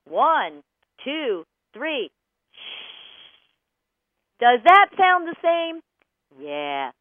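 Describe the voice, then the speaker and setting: A woman dog trainer hosting a radio talk show, bubbly and animated, laughing often. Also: high-pitched, extremely slow, dry recording. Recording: tinny phone-like line, dry.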